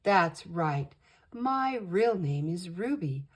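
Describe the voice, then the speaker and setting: A woman's voice: takes it slowly, breathy edge, full character voice. An older woman voicing a timid female wish-granting spirit who frets nervously. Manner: nervous, fretful, high and excited.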